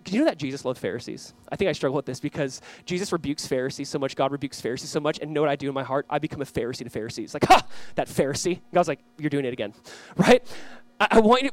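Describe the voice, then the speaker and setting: A young man preaching a sermon, animated and storytelling, acting out quoted voices. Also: fairly high pitch. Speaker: pastor.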